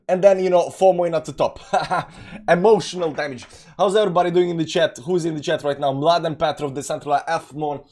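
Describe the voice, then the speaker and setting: Brief: higher-pitched male live-stream host, loose and repetitive, chuckling between remarks. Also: a little mellow. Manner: rambling, repeats himself, laughs at his own jokes. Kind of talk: casual live-stream chat.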